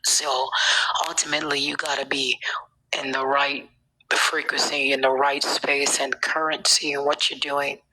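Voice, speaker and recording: Woman, low husky voice with a bright edge, rambling, preachy live-stream host who slips into whispers. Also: level tone, a little slow, rough recording. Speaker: social media page host. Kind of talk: casual live-stream monologue.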